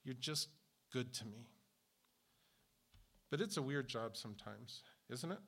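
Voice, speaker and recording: A man's voice: mid-range voice, measured pace, creaky, fairly bright tone. A man in his fifties preaching a sermon as a church pastor, flippant and a little sarcastic, talking off the cuff. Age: 50s.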